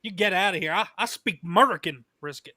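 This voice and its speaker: A man's voice: high voice, a little fast, bright, forceful tone, no echo, studio quality. A man hosting a casual live stream, reading chat messages aloud and laughing often. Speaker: stream host.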